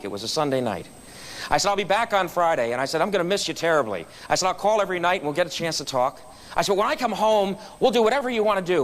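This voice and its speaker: High-voiced man telling a funny story. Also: a bit bright. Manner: storytelling with punchlines. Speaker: guest speaker at a club meeting. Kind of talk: humorous motivational speech. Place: meeting room.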